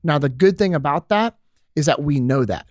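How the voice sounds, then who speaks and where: A man speaking as a podcast guest, earnest and steady, with frequent filler words. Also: a little high, normal speed, dry recording, clean studio sound. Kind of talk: casual podcast chat.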